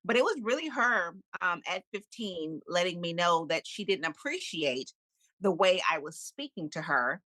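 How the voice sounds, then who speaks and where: A middle-aged woman speaks as a guest on a podcast, candid and animated, laughing easily. Her voice sits a little low yet has a bright, forceful edge. The sound is dry and close, with no room in it. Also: moderate pace, no room sound, rough recording. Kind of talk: casual storytelling interview.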